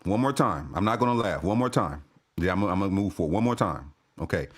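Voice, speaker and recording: A man's voice: sits low, expressive, fast talker. A man rants about basketball to his camera, his voice swinging widely up and down. He keeps breaking into laughter, swears freely and repeats his lines over and over. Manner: laughing, profane, repeats himself. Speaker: sports fan commentator. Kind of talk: casual rant to camera.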